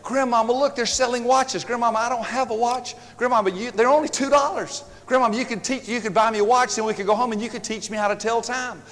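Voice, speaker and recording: A man's voice: very high voice, steady tone, fast, hardly any pauses, a bit bright, big-room sound, voice pushed up. A man voicing a little girl who pleads and wheedles with her grandmother. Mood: wheedling.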